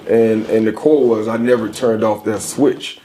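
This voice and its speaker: A man's voice: on the low side, normal speed. Guy in his 40s on an interview, tells stories with a lot of punch. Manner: emphatic, animated storytelling. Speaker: guest. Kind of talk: casual interview conversation.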